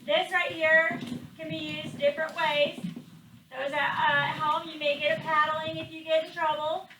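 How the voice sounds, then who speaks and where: A woman's voice: high-pitched, little pitch movement, moderate pace, bright, forceful tone. A woman teaching a phonics lesson to a class, patient and coaxing as she asks the children questions. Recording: echoey classroom, far from mic, background noise.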